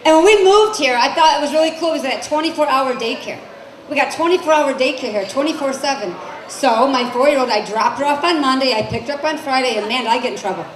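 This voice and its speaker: A woman's voice: sits high, fast talker. A woman in her forties doing a stand-up comedy set on a club stage, brassy and chatty, questioning the crowd. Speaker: stand-up comic. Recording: echoey club with crowd noise. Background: crowd laughter and room noise.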